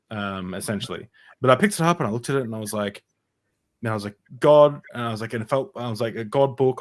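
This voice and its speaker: A man's voice: on the low side, a bit bright. A man talking as a podcast guest, telling his personal story in a casual, rambling way with many fillers and restarts.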